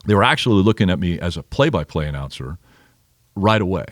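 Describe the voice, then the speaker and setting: Male commentator, 50s, from Nebraska: very low voice, lively storyteller voicing the people in his stories, casual interview guest. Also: quick pace, no room sound, studio quality. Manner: animated storyteller acting out quotes. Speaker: motorsport commentator, podcast guest.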